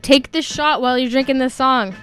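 A woman's voice: high-pitched, fairly even intonation, a little fast, clean tone. A woman in casual group chat, teasing and urging the others on. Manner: teasing, pushy. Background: soft background music.

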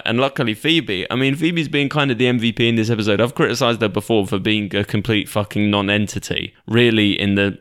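Smooth-voiced, swearing young man podcaster. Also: lowish voice, a bit bright. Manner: profane, rambling, opinionated. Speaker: podcast host. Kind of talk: casual recap of a sitcom episode.

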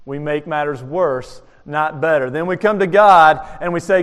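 A high-pitched male pastor delivers a sermon and tells its stories with animated energy. He keeps asking rhetorical questions, and his voice carries a long hall reverb. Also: normal speed, clear, resonant tone.

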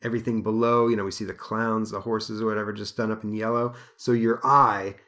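A man's voice: lowish voice, level tone, brisk, pushed and bright. A man hosting a podcast, rambling through a casual comic book review with many fillers. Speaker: podcast host.

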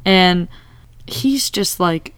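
Smooth low-voiced woman chatting casually. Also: extremely slow, dry recording. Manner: animated, acts out quoted lines. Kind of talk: casual TV recap chat.

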